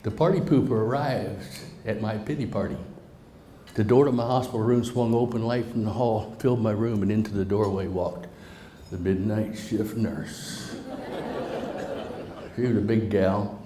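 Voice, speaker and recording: A man's voice: on the low side, steady tone, moderate pace, warm tone. A middle-aged man telling a humorous personal story to a live audience, folksy and joking, talking straight to the crowd. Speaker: motivational speaker. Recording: roomy hall reverb, faint noise.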